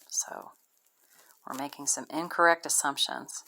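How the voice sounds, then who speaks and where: Woman, teacher, reading a novel aloud, expressive, lowish voice. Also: a little slow.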